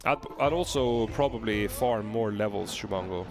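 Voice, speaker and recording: A man streaming a video game, chatting casually with viewers and answering their questions with relaxed filler pauses. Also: fairly low pitch, noisy background.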